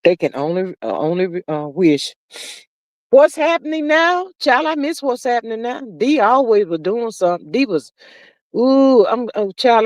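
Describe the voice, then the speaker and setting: A woman hosts a casual livestream, gossiping in a sassy drawl, reading viewer comments aloud and calling everyone "child" and "honey." Her voice is on the low side and a little mellow. The recording is studio quality with no room sound.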